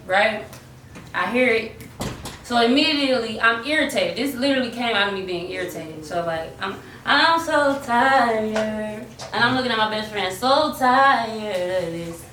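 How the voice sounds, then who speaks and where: A young woman spins a lively storytime, voicing the people in it and breaking into snatches of melody. She sounds set back from the mic in a roomy space with a faint hiss underneath. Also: fairly high pitch, distant mic. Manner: animated, acts out quotes and slips into singing. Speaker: singer telling her story. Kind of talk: casual storytime chat.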